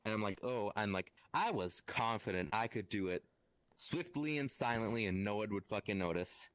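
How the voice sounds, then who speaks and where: A man's voice: fairly low pitch, lively intonation, normal speed, a bit bright. Laughing, swearing man telling a story. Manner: laughing, profane, loose storytelling. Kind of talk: casual story in voice chat. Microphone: headset in online voice chat.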